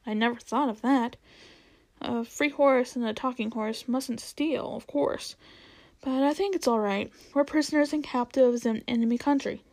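A woman's voice: a little high, moderate pace, a little mellow, lightly acted. A woman voicing a proud, slightly anxious male talking horse in a storybook reading, with formal, old-fashioned phrasing. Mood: matter-of-fact.

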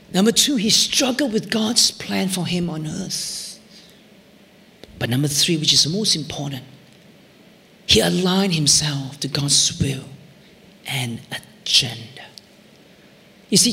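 A middle-aged man preaching in a church hall, his voice high and bright. He swings between loud, fervent peaks and hushed whispers, and a long reverb trails behind every phrase. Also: gravelly. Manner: emotional storytelling, rising to near shouts in retold prayers, dropping to whispers. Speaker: pastor. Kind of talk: sermon.

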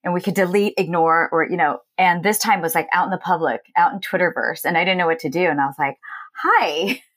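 A woman from Los Angeles chats in a relaxed interview with a somewhat low voice. She tells her stories with energy and acts out other people's lines. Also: fast talker. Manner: animated, quotes others in lively voices. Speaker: guest, entrepreneur. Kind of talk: casual storytelling interview.

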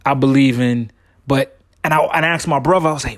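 A man's voice: medium pitch, a little fast. Rambling slangy male podcast host. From family from Guyana. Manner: rambling storyteller, slangy, many restarts. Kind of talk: casual solo podcast monologue.

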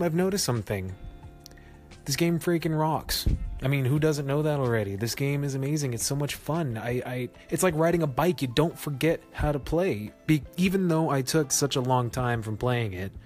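A man hosting a relaxed solo podcast, talking in a chatty, self-mocking way and laughing at his own jokes. His voice is mid-pitched and often leaps higher for emphasis. Faint music plays under him. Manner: animated, jumps up in pitch for emphasis. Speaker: podcast host. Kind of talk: casual solo podcast talk.

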